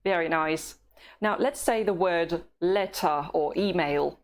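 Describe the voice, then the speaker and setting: A woman teacher with a Russian accent speaks at a very slow, careful pace in a slightly low voice. She teaches patiently and pauses often so that learners can repeat after her. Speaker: language teacher. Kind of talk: slow, clear language lesson with repeat-after-me drills.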